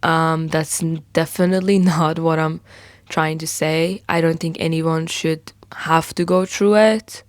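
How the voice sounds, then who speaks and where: A woman's voice: low-pitched, fairly even intonation, unhurried, dry recording, clean studio sound. A young woman vlogger casually telling a personal story, chatty and full of fillers and quoted asides, swearing freely.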